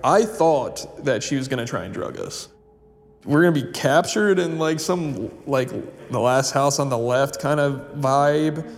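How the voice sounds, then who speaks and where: Medium-pitched and animated at a measured pace, this man rambles through a personal story, leaning heavily on "like" and "you know" and restarting often. Faint music plays under a long reverb.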